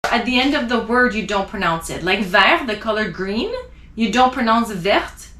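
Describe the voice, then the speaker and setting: A woman teaching a language lesson, spelling out letters and slowly repeating example words. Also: medium pitch, expressive, fairly bright tone, roomy sound. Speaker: French teacher.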